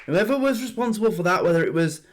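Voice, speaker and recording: A man hosting a reaction video, rambling excitedly and swearing as he comments. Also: high voice, fast talker, background noise.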